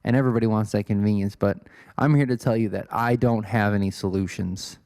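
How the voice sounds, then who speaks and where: A man's voice: on the low side, fairly even intonation, a little fast, a little mellow, dry recording. A man in his twenties from Illinois, hosting a solo podcast in a rambling, self-deprecating way. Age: 20s. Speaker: podcast host.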